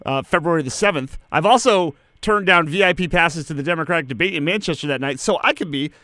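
A man co-hosting a sports podcast, chatting excitedly and stammering as he picks games. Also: a little high, fast talker, no room sound. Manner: excitable, stammers, laughs a lot. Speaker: podcast co-host and sports producer. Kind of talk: casual sports chat.

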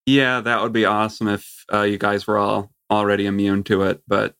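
A man's voice: on the low side, little pitch movement, a little fast, a bit bright, clear, resonant tone. A man chatting casually as a podcast guest, laid-back and a little hesitant. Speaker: guest, host's brother. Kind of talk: casual chat.

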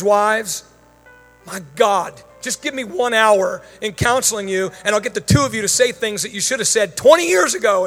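In a large church hall whose long reverb carries his high-pitched, fairly bright voice, a man preaches and prays over the congregation. The sermon includes prayer and a Q&A, with his prayers fervent and commanding and his asides conversational.

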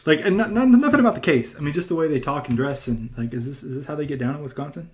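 Rambling, animated man hosting a podcast. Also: a little high, fast talker. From California. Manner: rambling and animated, lots of fillers and restarts. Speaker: podcast host. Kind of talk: casual podcast chat.

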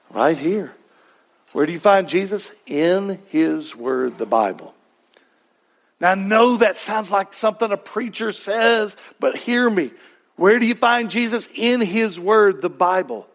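A male pastor delivers his sermon in a high voice. He takes his time. He hammers home refrains and asks rhetorical questions. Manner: emphatic preaching with repeated refrains and rhetorical questions.

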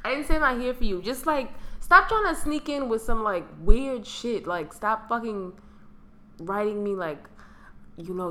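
A woman's voice: a little high, animated, normal speed, a bit bright, roomy sound. A young adult woman co-hosting a casual chat show, ranting bluntly and profanely about everyday annoyances. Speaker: podcast co-host.

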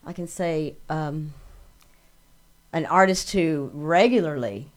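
A woman with a very low, deep voice talks casually as a podcast guest. She speaks haltingly, restarting her sentences as she hunts for the right words. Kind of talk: casual chat.

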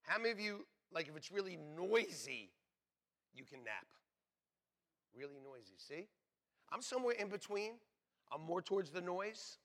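This middle-aged pastor has a high voice and speaks at a moderate pace with frequent pauses. Preaching in a church sanctuary, he tells jokey, animated stories and laughs along the way.

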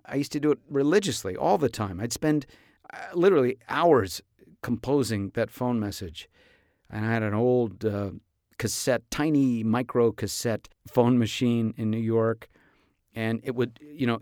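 Male podcast host, mid-pitched, playful and expressive storyteller, dry close-miked sound. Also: no room sound. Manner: expressive, playful, comic storytelling with vivid tangents. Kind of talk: casual podcast monologue.

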